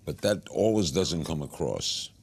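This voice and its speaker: A man's voice: very deep voice, lively intonation, unhurried, creaky, breathy edge. A man hosting a talk show interview, blunt and terse in his questions and remarks.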